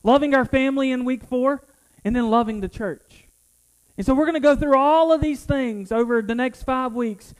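Man, pastor, middle-aged, very high pitch, earnest sermon, personal, repeats words. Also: poor audio.

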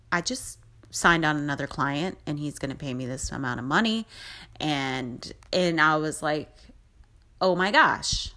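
A middle-aged woman hosts her own podcast, talking in a low voice. She rambles through a personal story with restarts and asides. Her tone is upbeat and motivational. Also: a bit bright. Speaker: podcast host. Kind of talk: casual storytelling monologue.

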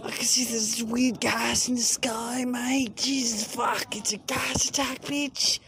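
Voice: level tone, slow pace, noisy background. A young adult putting on a mock Australian accent to play a panicking, swearing man calling emergency services about gas in the sky. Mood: panicked. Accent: put-on Australian. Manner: frantic, cursing, voice shooting up high.

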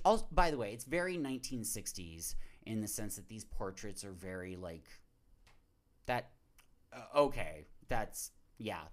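A man's voice: on the low side, a little mellow. A man casually reading a movie synopsis aloud as a podcast host, swearing, rambling off on tangents and laughing between lines.

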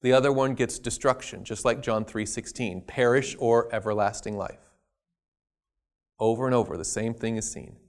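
A man preaching a sermon, stressing key words loudly and then dropping to quiet asides. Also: mid-range voice, fairly even intonation, normal speed. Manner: emphatic, swinging between loud stresses and quiet asides.

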